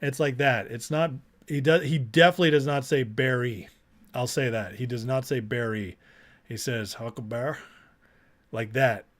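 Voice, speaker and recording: A man hosting a casual live stream, talking at an ordinary middle pitch. He rambles and circles back, repeating phrases as he chats straight to his viewers. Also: moderate pace. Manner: rambling, restarts, repeats himself, chatty with viewers. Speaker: political livestream host. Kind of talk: casual live-stream commentary and closing prayer.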